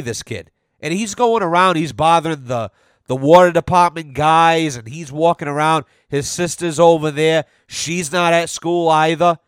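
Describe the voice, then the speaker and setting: A man's voice: fairly high pitch, no echo, studio quality. Profane ranting man. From Rhode Island. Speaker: podcast host. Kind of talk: casual monologue.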